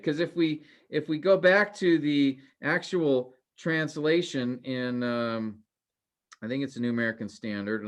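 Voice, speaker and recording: A man teaching a Greek grammar class online, asking questions and explaining with many pauses. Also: a little high.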